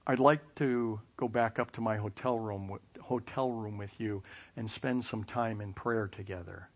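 A man voicing a soft-spoken, devout male executive in a lower, quieter tone while telling a story. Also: fairly even intonation, moderate pace. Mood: calm, earnest.

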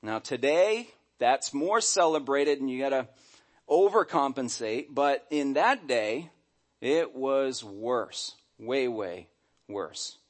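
A middle-aged man preaching a sermon as pastor, animated and acting out quoted voices. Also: mid-range voice, takes it slowly.

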